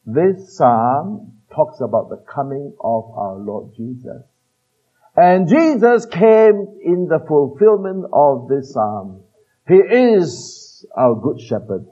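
A man preaching a sermon, earnest and emphatic, slowing down to quote scripture and trailing off softly at the ends of phrases. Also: on the high side, very animated. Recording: tinny phone-like band-limited recording.

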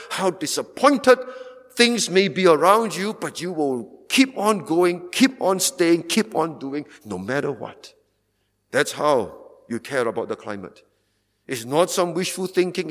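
A man preaching a sermon, emphatic, stressing points by repeating phrases. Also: medium pitch. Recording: long hall reverb.

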